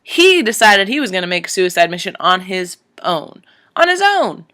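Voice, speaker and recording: A woman gushing through a movie recap in loose, rambling talk, filled with "like" and "um". Her voice is bright and forward, and it leaps up sharply whenever the story gets to her. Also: normal speed. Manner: rambling, animated, many fillers, voice jumps high when emotional. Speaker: vlogger retelling a movie. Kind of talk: casual excited movie recap.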